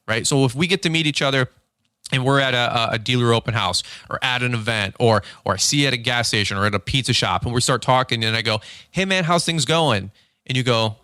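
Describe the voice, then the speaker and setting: A man hosting an unscripted podcast monologue. He talks fast and excitably and acts out quick bits of dialogue. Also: mid-range voice, dry recording, studio quality. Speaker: podcast host.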